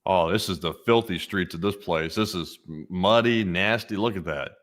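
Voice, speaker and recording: A man's voice: deep voice, moderate pace, fairly bright tone. A man co-hosting a news show, trading playful wisecracks in casual banter. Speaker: co-host.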